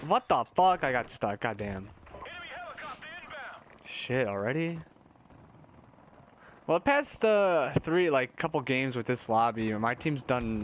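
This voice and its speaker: Lively young gamer guy swearing through gameplay. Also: mid-range voice, takes it slowly, long pauses, background noise. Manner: swearing, excited whoops at kills. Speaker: gaming YouTuber. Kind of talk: casual gameplay commentary.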